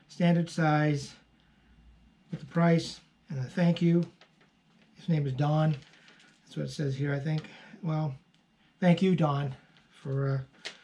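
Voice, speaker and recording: Speaking at a medium pitch with a slightly mellow quality, this online postcard seller runs a casual unboxing, filling the chat with "ums" as they rave about every card.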